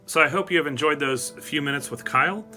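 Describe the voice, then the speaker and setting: A man's voice: on the high side, fast talker, pushed and bright, soft background music. Earnest man giving a devotional talk. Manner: earnest, emotional, reads song lyrics aloud. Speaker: host of a devotional show.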